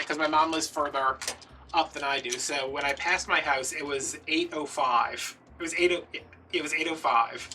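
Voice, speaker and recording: A man's voice: fairly high pitch, steady tone, fairly quick, pushed and bright, recorded from a distance, slight background noise. A man, hosting a craft video and telling rambling, playfully dramatic stories. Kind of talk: casual storytelling while crafting.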